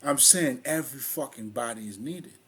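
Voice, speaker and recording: Husky Haitian-accented man, blunt and profane. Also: mid-range voice, moderate pace, fairly bright tone. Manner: blunt, profane, streetwise and emphatic. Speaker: spiritual video host. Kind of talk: casual spiritual monologue.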